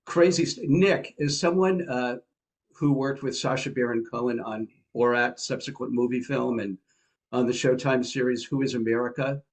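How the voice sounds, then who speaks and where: A man's voice: medium pitch, normal speed. A man hosting an interview, asking long, wry questions. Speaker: host.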